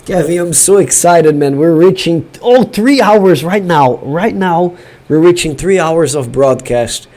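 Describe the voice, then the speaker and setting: A man from Brazil hosting a live watch-party stream from his home studio, shouting elated cheers between chatty remarks. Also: fairly high pitch, expressive, a little slow. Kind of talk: excited live-stream chat.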